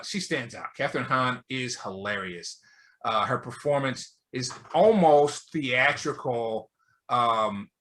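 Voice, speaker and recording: A man's voice: medium pitch, sharp tone. A man co-hosting a review show, chatting casually and opinionated, thinking aloud with lots of fillers. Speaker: movie review show co-host.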